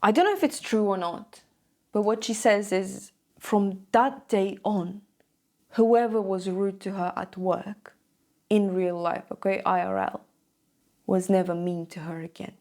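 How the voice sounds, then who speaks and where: A woman's voice: mid-range voice, measured pace, a little mellow. A young woman vlogger telling a story to camera in a casual, chatty way, often checking in with "okay?".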